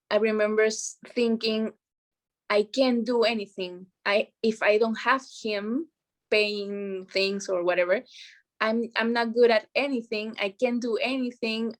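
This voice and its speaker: A woman speaking English as a second language, a guest in a casual interview, halting and searching for words. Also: medium pitch. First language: not English.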